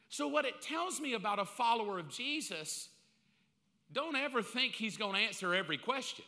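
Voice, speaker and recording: A male pastor preaches bluntly and with great animation, his high, very bright voice swinging widely in pitch. He breaks into little acted-out exchanges. A long reverb carries his voice through a large sanctuary. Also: lively intonation, moderate pace. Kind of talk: sermon.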